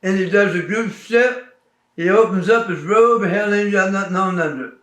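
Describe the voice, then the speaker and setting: A man with a somewhat high voice tells folksy stories in a relaxed interview. Short "right" replies fill the gaps, and the room gives an echo. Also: fairly quick. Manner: folksy storytelling, frequent "right" acknowledgements. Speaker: wrestling veteran interviewed. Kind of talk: casual shoot interview.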